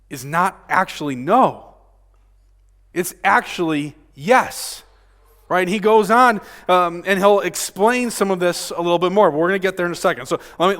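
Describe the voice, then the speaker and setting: A male pastor preaching a sermon. He swings between loud emphasis and hushed, near-murmured lines, and often checks in with the room by asking "right?". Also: fairly high pitch. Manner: frequent rhetorical "right?" tag questions. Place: church sanctuary. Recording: long reverb of a church sanctuary.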